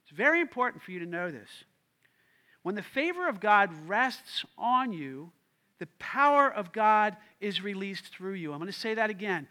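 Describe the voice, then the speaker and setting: A man's voice: high-pitched, big pitch swings, normal speed, sharp tone. A male pastor delivering a sermon in an emphatic preaching manner, repeating key lines and calling on the congregation to respond.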